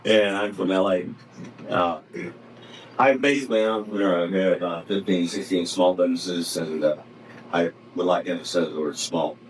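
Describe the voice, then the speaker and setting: A man's voice: low-pitched, moderate pace, recorded from a distance, slight background noise, low-quality recording. A man introducing himself at a seminar in an eager, rambling way. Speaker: seminar attendee. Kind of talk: self-introduction.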